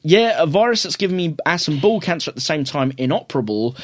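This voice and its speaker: A man's voice: a little high, big pitch swings, fast, no echo, studio quality. A man co-hosting a casual film review podcast, rambling, swearing and laughing at his own jokes. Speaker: podcast co-host.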